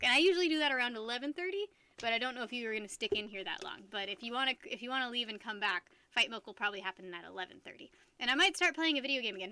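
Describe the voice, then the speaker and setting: A woman's voice: a little high, sharp tone. A young American woman streaming live, chatting casually with her viewers in a giggly, rambling way that keeps restarting sentences. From United States.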